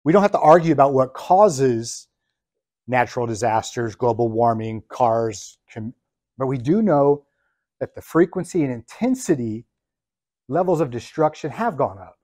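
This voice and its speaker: A man's voice: mid-range voice, lively intonation, darkish tone, no room sound. Man lecturing in a dry, close sound. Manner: emphatic, deliberate, ticks through points one by one. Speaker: business coach. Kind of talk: lecture to business students.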